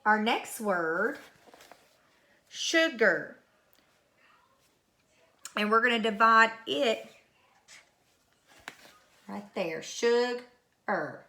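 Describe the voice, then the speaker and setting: A woman's voice: fairly high pitch, animated, drawn-out words, long pauses, pushed and bright. A woman teacher giving a recorded phonics lesson to young pupils, patiently repeating each word. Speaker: third grade teacher.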